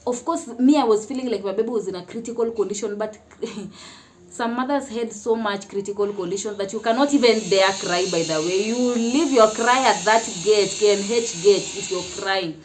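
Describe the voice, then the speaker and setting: A woman's voice: medium pitch, moderate pace, a little hiss or hum. A Kenyan woman telling a personal story in a casual vlog, chatty, often laughing and mixing in Swahili phrases. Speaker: mother sharing her experience.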